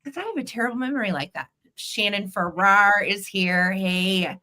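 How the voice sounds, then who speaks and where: A woman's voice: medium pitch, expressive, normal speed, sharp tone. A middle-aged woman hosting a live vintage sale stream, bubbly and chatty, greeting viewers by name.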